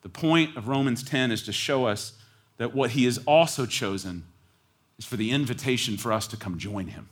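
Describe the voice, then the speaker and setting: A man preaching a sermon as pastor, moving between quiet, low asides and loud, high, near-shouted emphasis. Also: moderate pace. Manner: animated preaching, swings from hushed to near-shouting.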